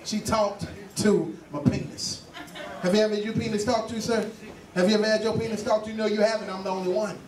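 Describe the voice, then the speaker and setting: A man's voice: high-pitched, steady tone, a little fast, a little mellow. Man doing crude stand-up in an echoey club. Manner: crude storytelling, quizzing the crowd. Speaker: stand-up comedian. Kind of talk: stand-up set. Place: live comedy lounge. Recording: echoey club from far mic with crowd noise.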